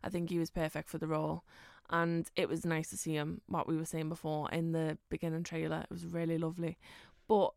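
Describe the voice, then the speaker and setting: A woman's voice: low voice, little pitch movement, a little fast, gravelly, few pauses, darkish tone, no echo, studio quality. Upbeat woman podcast co-host. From Liverpool, England. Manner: upbeat and playful. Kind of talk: casual chat.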